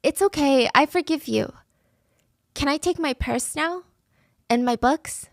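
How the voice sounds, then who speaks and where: A woman voicing a terrified young female college student who pleads for her life in a high, breathless voice, within a spoken true crime story. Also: unhurried, creaky, dry recording, clean studio sound. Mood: placating.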